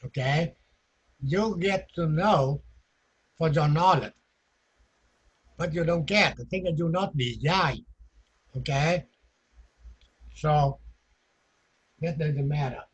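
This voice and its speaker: A man teaching an electronics class, talking in short, halting phrases that he often repeats, with non-native grammar. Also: a little high, muffled recording. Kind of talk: classroom lecture.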